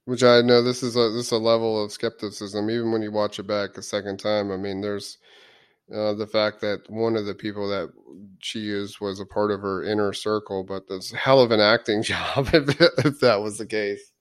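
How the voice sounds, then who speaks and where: A man's voice: lowish voice, little pitch movement, normal speed, smooth. A man co-hosting a casual discussion, thoughtful and hesitant, with frequent ums. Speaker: podcast co-host.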